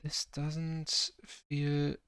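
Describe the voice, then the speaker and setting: A man's voice: a little high, completely flat delivery, very slow, fairly bright tone, clean tone, no echo. A young man from Germany with a German accent, chatting casually and rambling with lots of fillers while he paints live on stream. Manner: rambling, filler-heavy, self-conscious about his English. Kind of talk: casual livestream chat.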